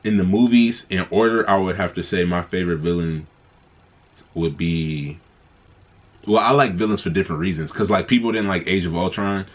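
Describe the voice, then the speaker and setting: A man giving a casual spoken movie review, excited and rambling, often restarting his sentences. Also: sits low, moderate pace.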